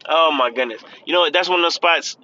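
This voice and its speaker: A man's voice: on the high side, fast, bright, forceful tone, muffled recording, slight background noise. A man giving casual, earnest pep talk while driving, repeating himself and calling the listener "man". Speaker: podcast host. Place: in a car, driving.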